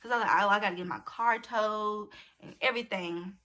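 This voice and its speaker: A young adult woman vlogger tells her viewers a personal story in a casual, chatty way, addressing them directly as "y'all." Her mid-range voice is brisk, pushed, and bright.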